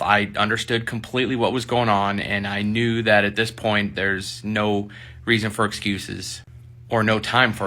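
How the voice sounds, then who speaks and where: A man, a military service member, casually telling a personal story in an animated way, acting out the people he quotes. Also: fairly low pitch. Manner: animated, acts out quoted voices.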